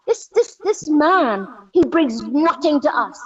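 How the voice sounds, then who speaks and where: A woman calling into a radio show, her voice high and her delivery indignant and sarcastic. She fires rhetorical questions one after another. The call sounds muffled and dull. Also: expressive, slow. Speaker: caller. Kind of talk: angry political call-in rant.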